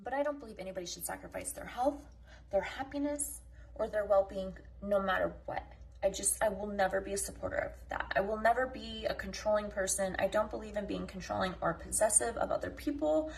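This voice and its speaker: A woman's voice: medium pitch, fairly quick, vocal fry. A woman delivering a passionate, unscripted morning rant as a mom vlogger. She is blunt, combative and full of swearing, and she jumps from topic to topic.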